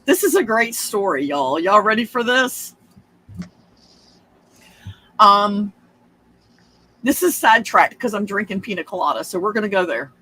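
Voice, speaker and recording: A woman's voice: mid-range voice, expressive, a little slow, long pauses, pushed and bright, breathy edge. A woman, telling a long personal story in a casual, rambling way, with swearing and frequent asides.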